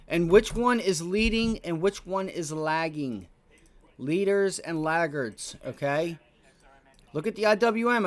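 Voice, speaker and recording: A man hosting a live day trading stream, giving casual, coaching market commentary and swearing freely. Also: high-pitched. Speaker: day trading livestream host. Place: home trading office.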